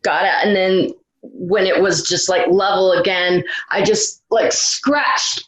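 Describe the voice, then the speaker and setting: A retired rescue swimmer tells a story in a casual interview, her voice fairly low, slow, and fairly even in intonation. She restarts often and laughs throughout, and the room sounds roomy and echoey.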